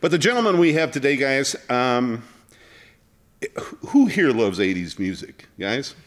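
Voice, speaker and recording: A man's voice: medium pitch, sing-song, a little slow, soft background music. A man hosting a casual talk show, rambling with lots of fillers. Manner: rambling with many fillers, laughs easily. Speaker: host.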